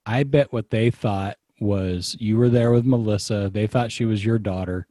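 A man's voice: on the low side, moderate pace, heavy background noise. A man in his forties co-hosting a casual podcast, joking and swearing casually. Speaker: podcast co-host. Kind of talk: casual chat.

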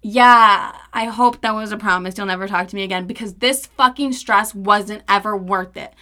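A young woman hosting a podcast, telling a story in casual, animated, profane chat and acting out the quoted dialogue. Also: mid-range voice, fairly quick. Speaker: podcast host.

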